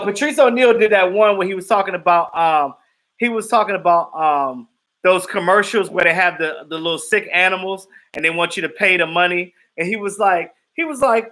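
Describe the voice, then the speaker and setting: Animated high-voiced man chatting live. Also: a little fast, low-quality recording. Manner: animated, laughs often, acts out quotes. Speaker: live stream host. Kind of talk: casual chat reacting to viewers.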